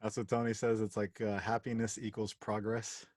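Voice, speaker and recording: A man's voice: on the low side, level tone, normal speed, a little mellow. A man hosting a podcast interview, encouraging and laughing along with his guest. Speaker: podcast host.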